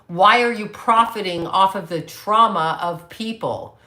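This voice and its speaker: A psychic medium in her late fifties hosts a casual livestream, reading viewer comments aloud and firing back blunt, heavily profane answers. Her voice sits in the mid-range, with a sharp edge and a slightly slow delivery.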